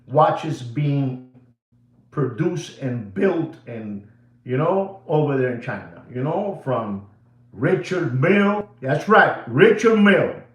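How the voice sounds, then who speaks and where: A man's voice: high-pitched, fairly bright tone, echoey room. A man hosting a livestream, ranting emphatically and repeating himself, dropping into Spanish phrases. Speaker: watch seller livestream host. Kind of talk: animated livestream rant.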